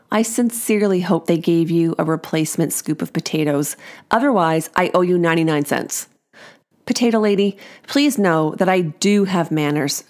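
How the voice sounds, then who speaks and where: A woman in her forties hosting a podcast, reading a funny personal parenting story aloud with chatty, wry asides and laughing at her own jokes. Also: fairly low pitch.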